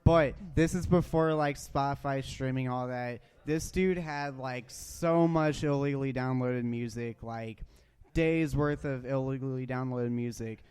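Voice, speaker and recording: A young man with a smooth, resonant voice chats on a radio show in a laid-back, slangy way. He swears freely and tells stories at an easy pace. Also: mid-range voice, unhurried, a little mellow. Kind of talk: casual chat.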